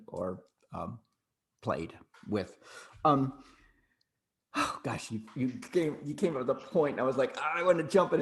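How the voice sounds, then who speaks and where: A middle-aged man co-hosting a podcast over a video call, talking things over reflectively and often repeating words while he thinks. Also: medium pitch. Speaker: podcast co-host.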